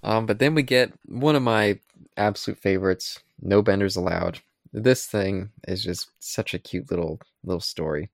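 Co-host, male, deep voice with a gravelly edge, dry close sound, retells scenes with little voiced lines. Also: normal speed, no echo. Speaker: podcast co-host. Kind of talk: casual chat.

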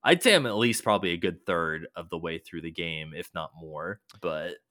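Low-voiced man rambling about games. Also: moderate pace, fairly bright tone, dry recording, studio quality. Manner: rambling, loose, swears casually, lots of fillers. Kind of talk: casual chat about a video game.

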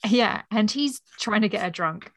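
A woman co-hosting a book podcast, chatting with a laugh and reading passages aloud in a soft, even voice. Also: mid-range voice, moderate pace, slight background noise. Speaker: podcast co-host.

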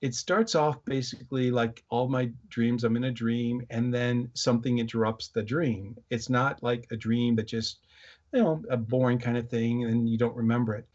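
A middle-aged man, a guest on an interview show, recounting a dream experience in a halting way with many fillers and restarts. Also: medium pitch, fairly even intonation, darkish tone. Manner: halting, many fillers and restarts, quotes voices while telling a story. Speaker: guest, electronics inventor. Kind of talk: casual interview storytelling. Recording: slightly muffled lo-fi audio.

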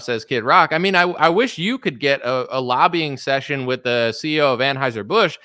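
A man's voice: medium pitch, lively intonation, brisk, few pauses, sharp tone, smooth, dry recording, clean studio sound. A man giving a sarcastic, mocking, profane rant as an online commentator. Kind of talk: ranting commentary.

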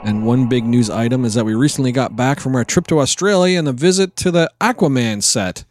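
A man hosting a comedy podcast, joking around with deadpan sarcasm. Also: medium pitch, brisk, soft background music. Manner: jokey, playful, deadpan sarcasm. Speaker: podcast host. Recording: echoey reverb added on purpose.

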